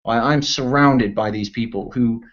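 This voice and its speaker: A man's voice: mid-range voice, moderate pace. A young man in casual online voice chat, ranting bluntly and swearing often. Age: teens. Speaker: discussion participant. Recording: dull lo-fi voice chat audio.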